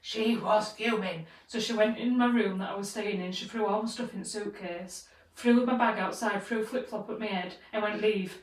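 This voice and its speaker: Animated storytelling woman, roomy and distant. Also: medium pitch, moderate pace, few pauses. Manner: animated, swears freely, acts out quoted voices. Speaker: podcast co-host. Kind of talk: casual storytelling chat. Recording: roomy sound, away from the mic.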